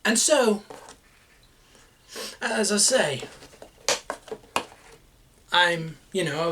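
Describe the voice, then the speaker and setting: A man vlogging casually over lunch at home, talking slowly with many pauses and fillers and chuckling often. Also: a little high, lively intonation, background noise.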